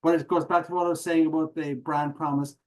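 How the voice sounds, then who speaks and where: A middle-aged Irish man, a professional speaker, telling stories as a podcast guest in a lively, joking way. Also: a little high, fast talker, rough recording. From Ireland. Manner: animated, jokey, acts out audience reactions. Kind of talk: conversational interview, storytelling.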